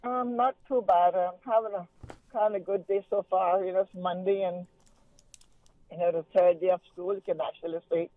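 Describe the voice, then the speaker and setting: High-voiced caller on a tinny phone line. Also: male voice, normal speed. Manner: relaxed, rambling, with many fillers. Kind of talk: casual phone-in chat. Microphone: telephone.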